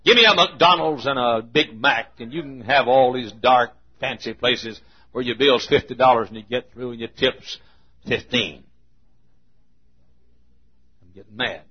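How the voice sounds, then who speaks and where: Husky folksy preacher, lo-fi tape. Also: male voice, mid-range voice, a little slow, long pauses. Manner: folksy storytelling, swinging from hushed to emphatic. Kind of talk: sermon. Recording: muffled lo-fi recording.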